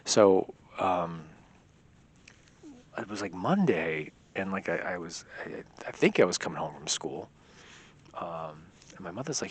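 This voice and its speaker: A young man speaking in a low, husky voice. He tells a personal anecdote casually, looping back on himself and filling gaps with filler words. It sounds unscripted and conversational. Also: animated, unhurried, fairly bright tone. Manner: rambling, heavy use of filler words. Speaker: vlogger. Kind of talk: casual storytelling.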